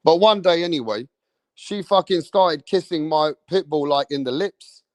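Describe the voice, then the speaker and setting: High-voiced man telling rambling stories. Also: normal speed, no room sound. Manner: animated, swears a lot, tags lines with "bruv". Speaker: live stream host. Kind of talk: rambling storytelling.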